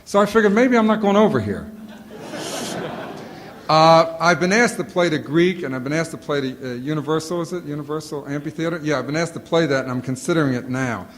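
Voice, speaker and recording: Guy doing comic stories at a q&a, kinda high voice, sore throat, long hall echo. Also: brisk, slight background noise. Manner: animated storytelling, acts out quotes. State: sore throat, sucking a lozenge. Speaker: comedian answering audience questions. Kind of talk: casual Q&A talk. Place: auditorium before a live audience.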